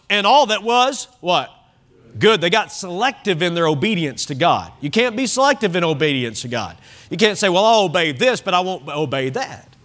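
A man's voice: a little high, sharp tone. A man preaching a sermon, reading scripture aloud and stopping to explain it to the congregation. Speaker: pastor. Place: church.

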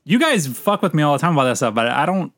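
A man of middle pitch talks with a very lively, swooping voice, dropping plenty of swear words. The sound is close and dry, with no room echo. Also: fast talker. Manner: emphatic, swears often. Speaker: podcast co-host. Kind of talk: casual chat.

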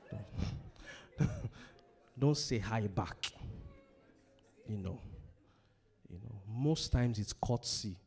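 A middle-aged pastor from Africa preaches a sermon on relationships, repeating key phrases and posing questions for the congregation to answer. His lowish, slightly mellow voice is expressive and very slow, with long pauses.

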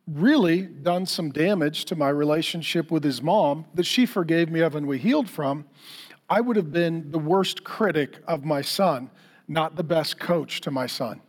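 A middle-aged man preaching a sermon as a pastor, telling lively stories and speaking straight to the congregation with questions. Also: a little high. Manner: lively storytelling, acts out quotes for humor; addresses the congregation directly with questions.

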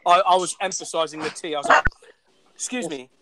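A young man with an English accent, animated and quick to laugh, chatting casually as a guest and poking fun at his own common way of speaking. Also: on the high side, heavy background noise. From England. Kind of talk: casual chat.

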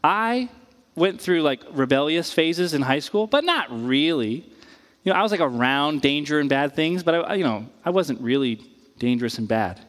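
Male pastor, high voice, chatty animated preaching, long hall reverb. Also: normal speed. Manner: casual and animated, acts out quoted voices, many "like"s. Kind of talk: conversational sermon.

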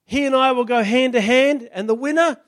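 A preacher acting out a boastful giant warrior. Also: male voice, very high-pitched, fairly quick, fairly bright tone, pitched above the performer's own voice. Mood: taunting. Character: boastful giant male warrior taunting an army.

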